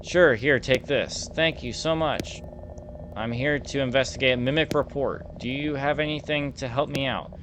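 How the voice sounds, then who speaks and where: A man voicing a calm, polite police officer questioning a stranger. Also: mid-range voice, normal speed, noisy background, close to an everyday voice.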